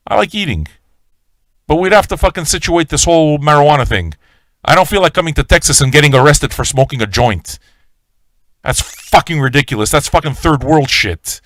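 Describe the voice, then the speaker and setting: Profane, animated man ranting on stream. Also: medium pitch, no room sound. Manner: swaggering, profane, talks straight to viewers. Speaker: livestream radio host. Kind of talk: profane live-stream rant.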